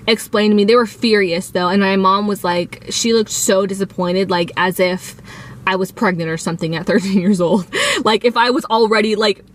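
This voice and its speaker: A woman's voice: medium pitch, normal speed. A young adult woman telling a casual storytime on her channel, chatty and filler-heavy, acting out what people said. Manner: chatty, acts out quoted dialogue, many fillers. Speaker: vlogger.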